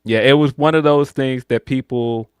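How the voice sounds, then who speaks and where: A podcast co-host chats casually through a wrestling review, animated and jumping into loud, slangy put-on voices for jokes. His medium-pitched voice keeps a moderate pace with a clean tone and no echo.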